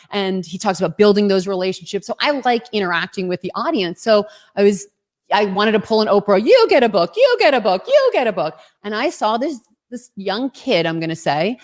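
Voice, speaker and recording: A woman hosting a livestream interview in an enthusiastic manner, repeating her phrases, heard over a video call. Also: mid-range voice. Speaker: host.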